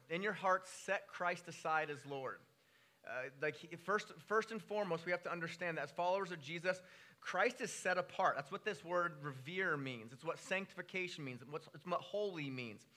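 A man in his thirties preaching a sermon, telling a story with animated, rising delivery. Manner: animated storytelling, pitch jumping when excited. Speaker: pastor.

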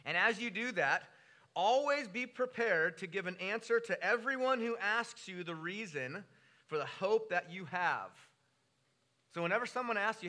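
A man in his thirties preaching a sermon, telling a story with animated, rising delivery. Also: normal speed. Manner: animated storytelling, pitch jumping when excited. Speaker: pastor.

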